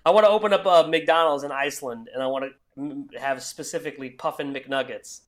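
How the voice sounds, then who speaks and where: A podcast co-host chatting casually in a low-key, deadpan way. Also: fairly quick.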